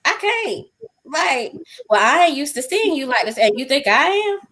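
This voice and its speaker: A middle-aged woman with a high voice recounts a personal ordeal as an interview guest. She tells it with lively energy and slips into the voices of the people in her story. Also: normal speed, low-quality recording. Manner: acts out quoted dialogue in lively voices. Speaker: interview guest sharing a testimony.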